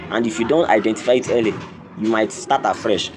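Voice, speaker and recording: A man with a somewhat low voice talks over a screen recording of a coding lesson. He goes step by step like a patient teacher and keeps asking whether you can see it. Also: fairly quick, background noise. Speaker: coding tutorial host. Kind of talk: screen-recorded tutorial walkthrough.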